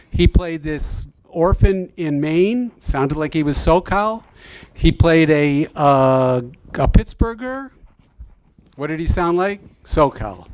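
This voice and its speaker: Academic man fielding audience questions, wry and conversational, slightly high voice, dry mic. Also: darkish tone, no echo. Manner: chatty, wry, self-interrupting. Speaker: sociolinguist guest speaker. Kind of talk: academic Q&A answer.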